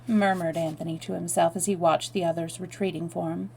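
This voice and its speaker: A woman's voice: lowish voice, steady tone, a little fast, vocal fry, a little mellow, slight background noise, rough recording. A woman reading a novel aloud on a live stream, with chatty asides to her viewers. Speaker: storytelling streamer.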